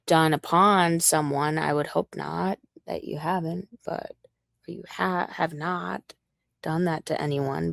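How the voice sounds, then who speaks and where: A woman's voice: fairly low pitch, creaky, no room sound, studio quality. A young woman delivering a profane, confrontational livestream rant aimed directly at one man.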